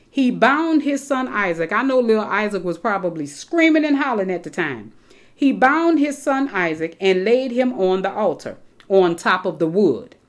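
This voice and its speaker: Woman preacher giving a lively sermon. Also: fairly high pitch. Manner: animated, addresses congregation directly, casual asides. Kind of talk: sermon with scripture reading.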